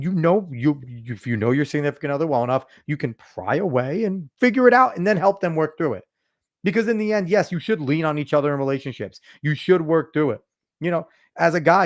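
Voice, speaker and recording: A man's voice: fairly high pitch, lively intonation, a little fast. Blunt, profane ranting male podcaster. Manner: emphatic, lectures the listener. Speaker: podcast host. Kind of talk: casual podcast commentary.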